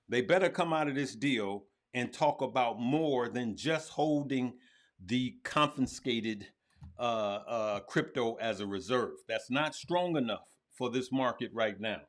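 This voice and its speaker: Animated man live-streaming crypto commentary. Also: mid-range voice. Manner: animated, talks to viewers as "good people", often repeats himself.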